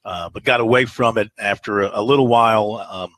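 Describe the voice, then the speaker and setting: A man's voice: fairly low pitch, a little fast, a bit bright, slight background noise, rough recording. A man hosting a sports radio talk show, rambling and hesitant with many fillers as he chats casually.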